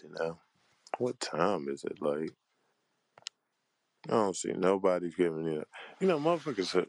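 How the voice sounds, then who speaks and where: Deep-voiced man on an angry profane rant. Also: no echo. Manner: profane, heated and exasperated, with a drawn-out tired delivery. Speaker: panel host.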